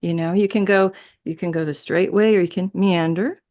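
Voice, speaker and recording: Interview guest, woman, somewhat low pitch, loose rambling delivery with frequent laughs. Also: steady tone, moderate pace, a little mellow. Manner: rambling, laughs often, many restarts. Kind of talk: casual spiritual chat.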